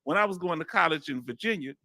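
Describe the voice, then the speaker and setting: A man's voice: fairly high pitch, animated, fast, sharp tone, no echo. Southern Texas male host, folksy reader of viewer comments, dry close sound. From Houston, Texas. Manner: folksy, reads comments aloud and chats directly to viewers. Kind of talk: casual livestream chat.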